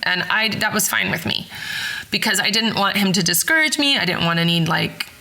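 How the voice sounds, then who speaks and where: A woman hosting a podcast, telling a story in a rambling, excited way and often correcting herself mid-sentence. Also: mid-range voice, a little fast, poor audio. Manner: rambling, with frequent self-corrections and fillers. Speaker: podcast host. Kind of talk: casual storytelling.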